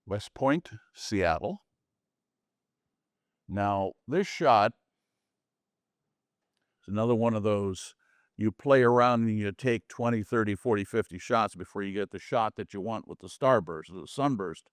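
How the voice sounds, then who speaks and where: A man's voice: fairly low pitch, a little slow, pauses often, no echo. A man chats his way through a slide talk about his photos in a folksy, joking way. His voice is close and dry, with no room sound around it. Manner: chatty, folksy asides and jokes. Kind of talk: casual presentation to a small audience. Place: community meeting room.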